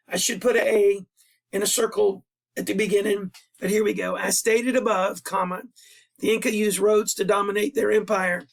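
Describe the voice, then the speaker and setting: A middle-aged male history teacher talks through an essay assignment in a recorded lesson, his voice hoarse and worn out. The tone is high and gravelly, with a lot of fry. He explains patiently and slips in casual asides. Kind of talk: recorded classroom lesson over a screen. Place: at a computer, voice-over.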